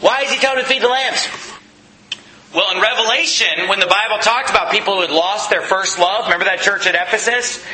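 A man's voice: sits high, pushed and bright, reverberant, low-quality recording. A man preaching a sermon in an emphatic, conversational way, asking the listeners questions.

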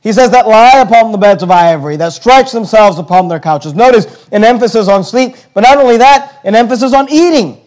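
Emphatic high-voiced preacher. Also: male voice, animated, darkish tone. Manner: emphatic, slows on key words, repeats himself. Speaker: pastor. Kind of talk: sermon.

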